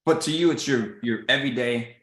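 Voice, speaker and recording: A man's voice: medium pitch, brisk, fairly bright tone. A man hosting a casual business call, coaching listeners and acting out the people he quotes. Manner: coaching tone, acts out quoted voices, says "right?" often. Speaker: host of a publishing business call. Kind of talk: casual motivational chat. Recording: roomy echo.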